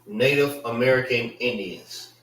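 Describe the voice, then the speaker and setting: A man teaching a class, unhurried and repeating words to drill pronunciation. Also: mid-range voice, fairly bright tone. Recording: echoey room.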